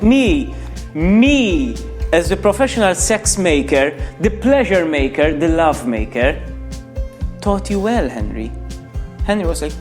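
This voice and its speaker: A man's voice: a little high, very animated, unhurried, over music. A young man reading a crude comic story aloud, breaking off for mocking asides to the listener. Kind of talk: mock bedtime story reading.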